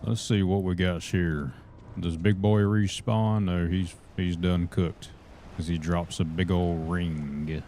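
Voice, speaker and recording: A man's voice: low-pitched, steady tone, takes it slowly, mellow, a little hiss or hum. A young man with a Southern US accent, chatting folksily with viewers during a live game stream and calling them brother. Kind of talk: casual live gaming commentary.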